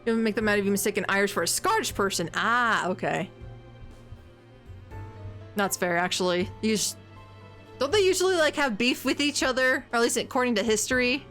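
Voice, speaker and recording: A woman's voice: on the high side, animated, a little fast, pauses often, a bit bright, soft background music. A young woman streaming a game, chatting casually in a rambling, giggly way with lots of fillers. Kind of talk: casual gaming commentary.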